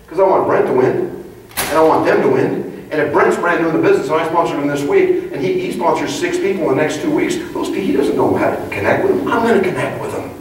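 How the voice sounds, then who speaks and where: A man's voice: fairly high pitch, lively intonation, fast talker, slight background noise. A man leading a live leadership training talk to an audience, emphatic and conversational, acting out little dialogues. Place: large meeting room before an audience. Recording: very echoey room, distant mic, faint ambience.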